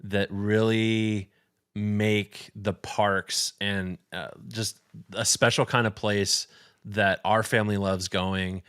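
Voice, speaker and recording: A man's voice: lowish voice, level tone, takes it slowly, fairly bright tone, clean tone, no room sound, clean studio sound. A male podcast host chatting casually and thanking his guest earnestly, often repeating words as he goes. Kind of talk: casual interview chat.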